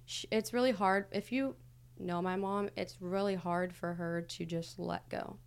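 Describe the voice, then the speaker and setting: A woman's voice: fairly low pitch, fairly even intonation, a little slow, vocal fry, clean tone. A young adult woman, a podcast guest, recounting her past candidly in a casual, hesitant way with many fillers. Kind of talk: casual conversational interview.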